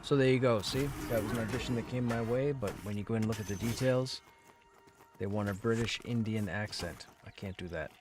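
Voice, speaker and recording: Low-voiced man chatting on a stream. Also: brisk, music in the background. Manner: relaxed, musing, reads chat questions aloud. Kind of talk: casual gameplay stream chat.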